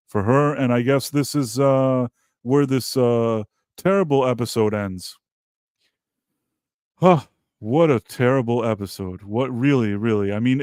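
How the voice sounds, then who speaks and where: A man's voice: mid-range voice, darkish tone, no echo, clean studio sound. A man hosting a TV review show, talking in a scornful, exasperated rant that stumbles over repeated words and restarts. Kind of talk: ranting commentary review.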